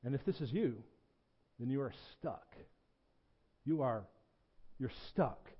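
A male pastor preaching a sermon in a church sanctuary, earnest and emphatic, repeating his points and dropping to low, intense tones. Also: expressive, slow, husky, highs cut off.

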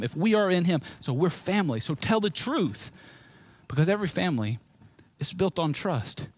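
A male pastor with a Southern US accent delivers a sermon, his voice sitting fairly high. He moves between loud, emphatic lines and quiet, low stretches. The sound is dry and close. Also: dry recording. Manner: animated preaching with swings from loud emphasis to quiet.

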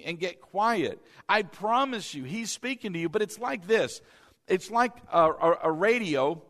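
A man's voice: high-pitched, lively intonation, moderate pace, fairly bright tone. A male pastor preaching a sermon, telling stories and calling on the congregation to answer him. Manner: call-and-response with congregation, conversational storytelling. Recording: long reverb of a church hall.

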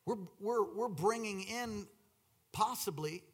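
Charismatic male preacher, high voice, quiet storytelling that bursts into shouted call-and-response. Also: slow, slightly rough. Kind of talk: charismatic sermon.

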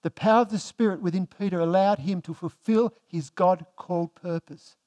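A pastor preaching a sermon, asking the congregation rhetorical questions and swinging between emphatic and hushed delivery. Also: male voice, high-pitched, normal speed.

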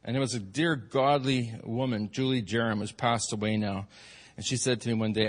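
A man preaching a sermon as pastor, rising to loud peaks and dropping to quiet asides. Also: mid-range voice, steady tone, moderate pace. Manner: preaching, swings from shouted peaks to soft asides. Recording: long hall reverb.

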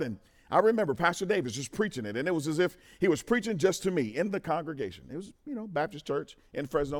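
A middle-aged man giving a testimony sermon at a men's conference, talking straight to the crowd and moving from quiet to loud. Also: a little high. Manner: animated, talks to the crowd, swings from quiet to loud. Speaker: conference speaker.

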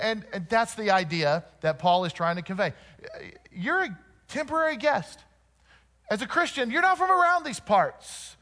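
A man from Oklahoma with a high voice preaches a sermon. He slows down to read scripture and keeps turning to the congregation with rhetorical questions. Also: a bit bright.

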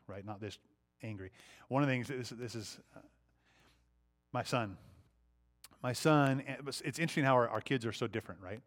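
A man's voice: lowish voice, a little fast. A man in his thirties leading an interactive Bible study, talking conversationally and putting questions to the group.

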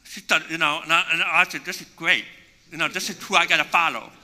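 Animated preacher man in an echoing hall. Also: on the high side, fast talker, a little hiss or hum. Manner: animated storytelling, voice swings from hushed to shouting. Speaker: pastor. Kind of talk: sermon. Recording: long reverb in a large hall.

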